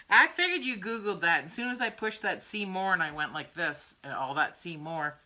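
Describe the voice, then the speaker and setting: Chatty older woman, low and bright. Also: lively intonation, moderate pace. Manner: chatty, laughs often, trails off into asides. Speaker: craft livestream host. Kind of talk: rambling casual chat.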